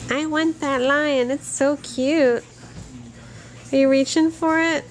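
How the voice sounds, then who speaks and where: A young woman, a mother filming her babies at home on a handheld camera, talks to them in gentle, cooing baby talk. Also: high voice, steady tone, takes it slowly. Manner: sing-song, cooing, gentle. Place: home living room.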